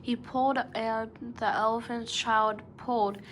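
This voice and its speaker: A woman's voice: a little high, fairly even intonation, unhurried, a bit bright, slight background noise, rough recording. A woman storyteller narrating a children's story, calling the listener "best beloved".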